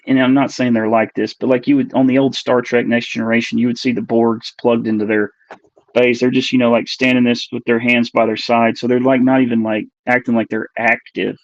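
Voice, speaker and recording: A man in his forties, a guest earnestly recounting a personal experience in a halting way as he searches for words. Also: medium pitch, no room sound. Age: 40s. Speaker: podcast guest. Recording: dull, lo-fi dry recording.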